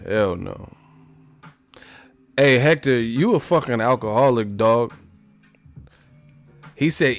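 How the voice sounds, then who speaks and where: A man's voice: medium pitch, lively intonation, slow pace, gravelly, pauses often, faint music behind. A man hosting a live stream, chatting casually with his viewers in a joking, profane way and laughing often. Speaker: live stream host reading chat. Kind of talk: casual chat.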